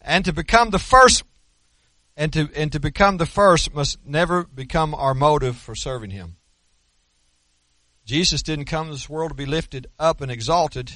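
A man preaching a sermon as pastor, emphatic and folksy, slowing down to stress scripture. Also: on the high side, a bit bright, dry recording. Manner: folksy, with colloquial asides and repeated words.

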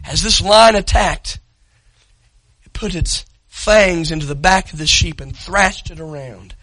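A man preaching an impassioned sermon as pastor, telling a story dramatically and rising to shouts. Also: high-pitched, measured pace, no room sound, low-quality recording. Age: adult parent.

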